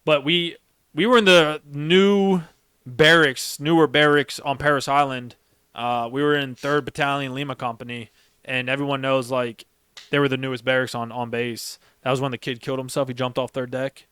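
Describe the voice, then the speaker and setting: At a moderate pace and steady tone, the young former Marine sergeant and podcast host uses a mid-range, fairly bright, clean voice. He tells rambling stories emphatically and swears heavily in casual conversation. The studio recording is clean, with no room sound.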